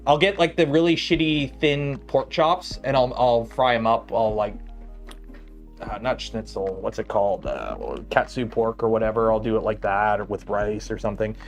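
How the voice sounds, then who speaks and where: A Canadian man hosts a casual livestream from his workbench, rambling along with plenty of fillers like "like" and "uh." His voice is fairly low, his speed normal, and soft music plays in the background.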